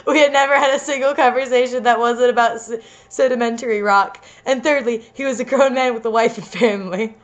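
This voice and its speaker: A young woman reads a story aloud in a giggly, theatrical way. Her voice sits fairly high and she plays up the drama for laughs. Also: fairly even intonation, fairly quick. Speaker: co-host reading fiction aloud. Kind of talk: comedic dramatic reading.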